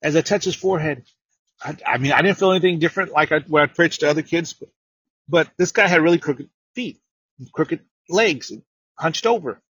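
Husky, bright-voiced male preacher. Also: a little high, fairly quick, dry recording, muffled recording. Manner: storytelling, repeats words, rises to loud emphatic preaching. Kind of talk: sermon.

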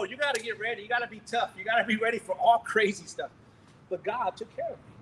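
A middle-aged male preacher telling a story in a sermon, animated and laughing, acting out scenes loudly. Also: sits high, quick pace, a little hiss or hum, poor audio.

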